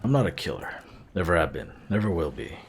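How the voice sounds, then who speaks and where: A man's voice: low-pitched, big pitch swings, a little fast, a little hiss or hum, pitched below the performer's own voice. A man reading a blunt, guarded male doctor's game dialogue aloud in an attempted Scottish accent. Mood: curt. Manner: blunt, clipped delivery. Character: gruff male island doctor, curt and guarded.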